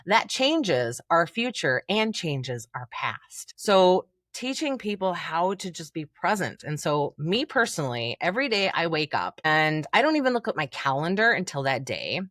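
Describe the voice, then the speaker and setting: Animated woman coach with a low voice. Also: normal speed, few pauses, no echo, studio quality. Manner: animated, acts out inner voices with big pitch jumps. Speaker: confidence coach guest. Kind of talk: podcast interview.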